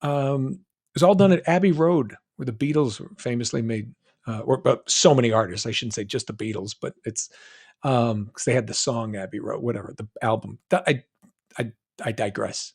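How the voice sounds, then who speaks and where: A middle-aged voice actor from New England chats on a live stream in a medium-pitched, darkish voice with a breathy edge, keeping a moderate pace. Reading fan comments aloud to answer their questions, he rambles and keeps interrupting and restarting himself.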